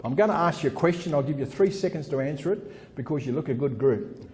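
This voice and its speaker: Speaking fast in a slightly high, darkish, expressive voice, a middle-aged man gives a keynote as an organizational consultant. He's blunt and punchy, repeats lines for effect, and keeps addressing the roughly 400 attendees in the big conference room as "folks," with long hall reverb throughout.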